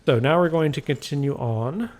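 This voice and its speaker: A man's voice: on the high side, normal speed, a little mellow, slight background noise. Rambling casual man narrating gameplay. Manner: rambling, self-correcting, wry asides. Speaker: game walkthrough commentator.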